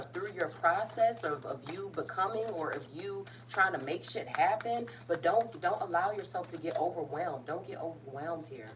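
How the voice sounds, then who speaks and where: A woman giving a casual tarot reading, talking bluntly and emphatically, full of slang and swearing. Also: on the low side. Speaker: tarot reader. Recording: somewhat distant mic with faint noise.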